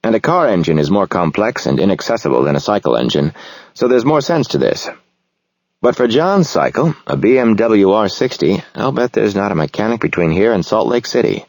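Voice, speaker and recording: A man narrating a novel in the first person, reflective and measured. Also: on the low side, very animated, darkish tone, no room sound. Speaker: audiobook narrator.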